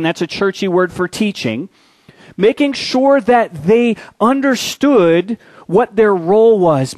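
High-voiced man preaching a story-driven sermon. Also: dry recording. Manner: storytelling, dramatic drops to quiet low voice. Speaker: pastor.

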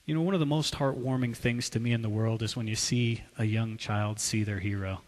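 A man preaching a sermon, swinging from loud, urgent passages to hushed, quiet asides. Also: on the low side, fairly even intonation, fairly quick, in a large hall. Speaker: pastor.

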